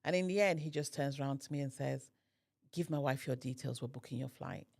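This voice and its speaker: This podcast guest has a very deep, gravelly voice and speaks a little fast. She shares a personal story conversationally, bringing it to life by imitating the other people in it with animation.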